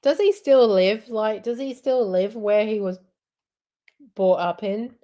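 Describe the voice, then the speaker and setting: A woman's voice: mid-range voice, slow pace, dark tone. A woman hosting a casual live chat, rambling and giggling as she talks. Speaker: livestream host.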